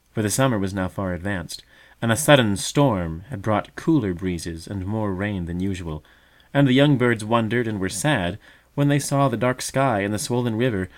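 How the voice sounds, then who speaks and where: Male storybook narrator, deeper voice, calm measured delivery.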